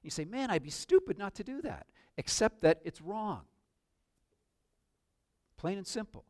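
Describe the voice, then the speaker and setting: A man's voice: sits high, big pitch swings, a little slow, dry recording. Earnest older male preacher, dry sound. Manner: earnest, with sudden swells and drops in loudness. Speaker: pastor. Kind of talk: sermon.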